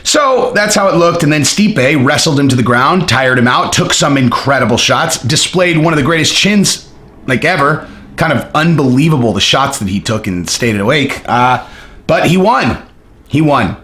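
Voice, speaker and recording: Animated man riffing on fights. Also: fairly high pitch, normal speed, reverberant. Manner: animated, jokey, breaks into impressions and laughs. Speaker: MMA commentator. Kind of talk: casual opinion monologue.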